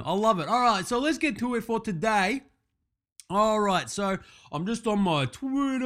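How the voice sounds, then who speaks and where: A man's voice: sits high, lively intonation, moderate pace, a bit bright. A man doing a satirical comedy monologue as a show host, talking in a brash, crude and self-congratulating way, with sarcastic muttered asides.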